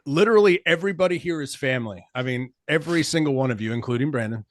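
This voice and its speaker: A man's voice: fairly high pitch, lively intonation, fast talker. Rambling host in his forties. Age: 40s. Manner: rambling, laughing, swears. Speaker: podcast host. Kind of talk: casual chat.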